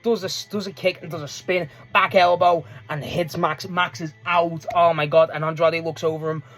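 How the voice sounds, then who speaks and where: A man giving a casual, rambling recap of a wrestling match, excitable and quick to laugh and swear. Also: on the high side, soft background music. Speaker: wrestling fan reviewer.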